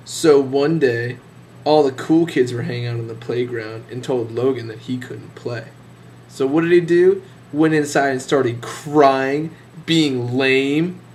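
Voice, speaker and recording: A man's voice: medium pitch, slight background noise. A young man telling a boastful, sarcastic mock story about leaving his band.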